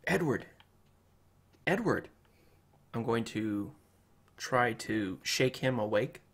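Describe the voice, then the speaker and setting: A man's voice: medium pitch, animated, slow pace, pitched below the performer's own voice. A man voicing a worried young man checking on a shaken friend, in a tabletop game.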